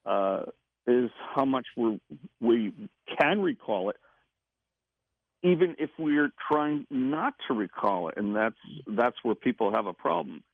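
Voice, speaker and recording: A man telling a personal story in a casual interview, halting and repeating words as he goes. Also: mid-range voice, expressive, dry recording. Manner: halting, repeats words, laughs between phrases. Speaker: guest recounting an experience. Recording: tinny phone line.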